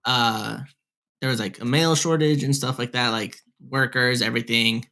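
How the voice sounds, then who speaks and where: A young man tells a story on a gaming podcast, rambling and packed with "like" and "whatever." He talks into a headset mic, his voice sitting at an ordinary middle pitch. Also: fairly even intonation, moderate pace, bright, forceful tone. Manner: rambling, heavy filler "like, whatever". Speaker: podcast co-host. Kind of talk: casual storytelling.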